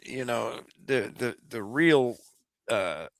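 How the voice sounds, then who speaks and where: A man co-hosting a casual talk stream, halting and joking, often repeating words. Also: mid-range voice, lively intonation, gravelly, fairly bright tone, dry recording. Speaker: co-host. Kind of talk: casual chat.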